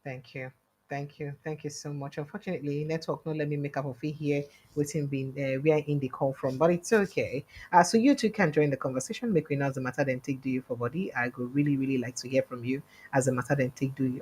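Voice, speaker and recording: A Nigerian woman with a low voice hosts a livestream call-in show, speaking a little fast against slight background noise. She chats casually, slipping into Pidgin as she thanks callers and urges viewers to subscribe.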